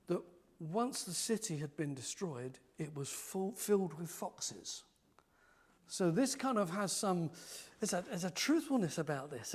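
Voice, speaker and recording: A man preaching a sermon in a church, animated and lively, acting out the mockers' voices. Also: sits high, slightly rough.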